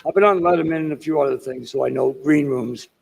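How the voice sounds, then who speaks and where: Older man with a Boston accent, gravelly and a bit husky, who digresses through stories at a keynote. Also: mid-range voice, fast, rough recording. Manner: digressive storyteller with asides and self-deprecating jokes. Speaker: keynote speaker. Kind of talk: rambling motivational speech. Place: conference hall.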